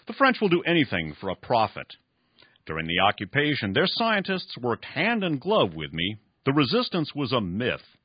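A man voicing a frail, dying old man who coldly lectures with a raspy voice. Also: mid-range voice, huge pitch swings, moderate pace, no room sound, muffled recording, voice pushed up. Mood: cold, lecturing. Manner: raspy, pronouncing grim verdicts.

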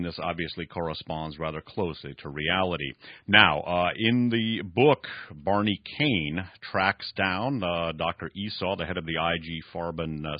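A male radio host giving commentary in a measured way, with hesitant asides. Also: low-pitched, dry recording, highs cut off. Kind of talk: commentary with read-aloud excerpts.

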